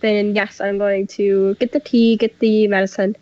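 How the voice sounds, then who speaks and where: Woman, tabletop player, mid pitch, muffled lo-fi sound. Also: flat delivery, moderate pace, no room sound. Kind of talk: playing a character in a tabletop game.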